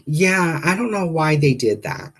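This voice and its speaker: A man's voice: on the high side, lively intonation, measured pace, a bit bright, breathy edge, voice pushed up, exaggerated voice. A man voicing a breezy, evasive woman phone receptionist in an upbeat, chirpy manner.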